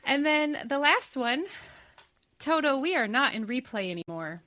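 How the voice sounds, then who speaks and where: A woman co-hosting a podcast in casual chat, animated and laughing often. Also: high-pitched, moderate pace, dry recording. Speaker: podcast co-host.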